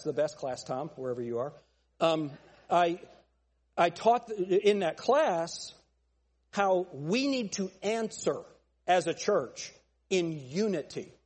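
A man preaching a sermon as pastor, emphatic and pointed, asking the congregation rhetorical questions and building to shouts. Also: high-pitched.

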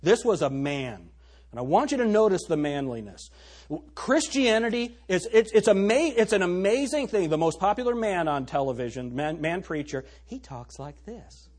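A man's voice: high-pitched, expressive, moderate pace, a little mellow. A male pastor preaching a sermon, reading scripture aloud and pressing the congregation with emphatic rhetorical questions.

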